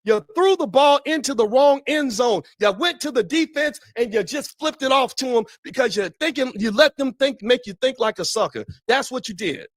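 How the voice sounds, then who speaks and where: A man's voice: very high-pitched, animated, moderate pace, hardly any pauses, a bit bright, no echo, clean studio sound. A man giving impassioned, preachy opinion commentary while talking straight to his viewers.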